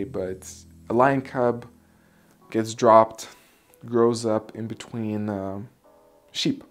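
A man's voice: mid-range voice, darkish tone. A man, an Aikido instructor, tells a personal story in a casual, candid way. He swears now and then and often restarts his sentences. Faint music plays underneath.

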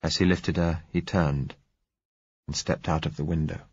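A man reading a novel aloud in measured, first-person narration. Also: extremely low pitch, fairly even intonation, slightly rough. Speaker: audiobook narrator. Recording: dull lo-fi recording.

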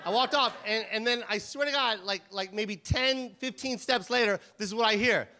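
High-voiced, shouty stand-up man. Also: moderate pace. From Los Angeles, USA. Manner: animated, shouty, profane. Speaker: stand-up comedian. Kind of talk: stand-up set. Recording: comedy club mic with crowd noise.

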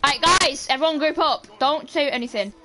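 Excitable British woman streaming a game. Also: high-pitched, normal speed. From Britain. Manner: excitable, shouting bursts and playful swearing. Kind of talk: live gameplay chat.

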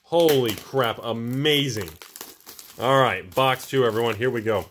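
A man hosting his own channel, opening booster packs and reacting with excited exclamations. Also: medium pitch, a little slow, slight background noise. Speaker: host of a card-collecting channel. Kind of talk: casual booster box opening.

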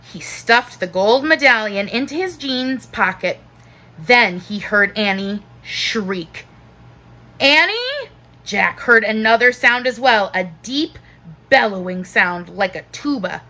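A woman teacher narrating a children's book aloud in a slow, expressive storytelling manner. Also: mid-range voice, poor audio.

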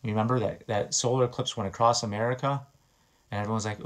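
Low-voiced man preaching with earnest urgency. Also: steady tone, fast. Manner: earnest and exhorting, rising to emphatic bursts. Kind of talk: informal sermon.

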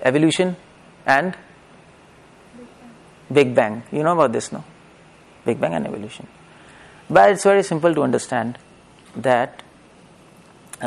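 A man's voice: mid-range voice, creaky. A middle-aged man, giving a lecture-style religious discourse and asking his audience rhetorical questions. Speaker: preacher.

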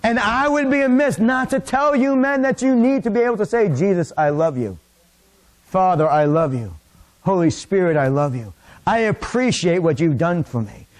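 A middle-aged man preaching a sermon in a church, impassioned, rising to near-shouts. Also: high voice. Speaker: pastor. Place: church sanctuary.

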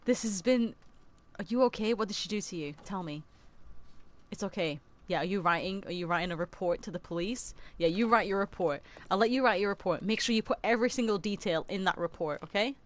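A young adult woman streaming a video game in casual chat, excitable and dramatic, often gasping and laughing. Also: mid-range voice, a little fast.

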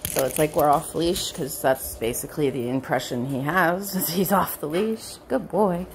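A woman dog trainer explaining a training session in casual narration at home, switching between high bright praise for her dog and low quiet explanation. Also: normal speed, slight background noise. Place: indoors at home with pets.

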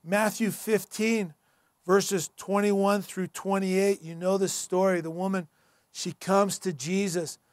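A male pastor delivers a sermon in an earnest, emphatic and conversational way. His voice sits high for a man. The recording is dry and close. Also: flat delivery, slow pace, dry recording. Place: church.

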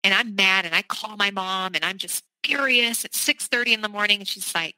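A woman's voice: mid-range voice, fairly quick, hardly any pauses, sharp tone, dry recording, poor audio. A middle-aged woman from the South, a podcast guest candidly and urgently recounting a personal story. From American South.

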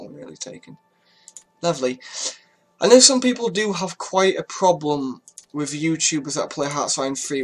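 Chatty man narrating strategy gameplay. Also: fairly high pitch. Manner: chatty, swears freely, talks to his units. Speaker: gaming YouTuber. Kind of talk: casual strategy-game commentary.

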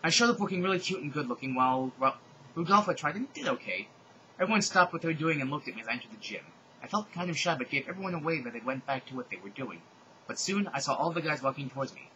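A man's voice: on the high side, lively intonation, fast, pushed and bright, muffled recording, slight background noise. A man hosting a comedic reading of fan fiction, with sardonic, exasperated asides.

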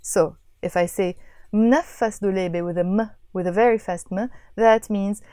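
A woman teaching a language lesson, patiently explaining and repeating phrases slowly. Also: medium pitch, fairly even intonation, mellow, dry recording, studio quality.

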